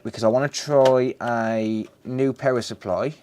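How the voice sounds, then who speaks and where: A man's voice: mid-range voice, fairly even intonation, measured pace, mellow. A man chatting casually and joking with his live chat while repairing a console, swearing freely.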